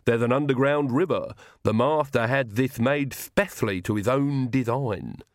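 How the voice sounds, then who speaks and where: A man voicing a devoted old male castle servant who speaks slowly and deliberately. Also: mid-range voice, no room sound, clean studio sound, close to an everyday voice. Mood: proud. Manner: slow, deliberate, matter-of-fact.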